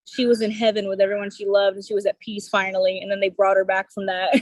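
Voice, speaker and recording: A woman's voice: medium pitch, flat delivery, quick pace, low-quality recording. A woman co-hosting a casual film-review podcast, retelling scenes with emphasis. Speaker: podcast co-host. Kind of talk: casual chat.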